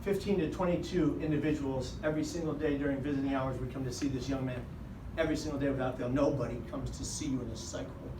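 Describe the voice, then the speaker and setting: A man telling a comic personal story to a live audience, acting out other people's voices and shouting some lines. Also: mid-range voice, fairly even intonation, fast. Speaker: speaker. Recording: echoey hall with noise, mic far off.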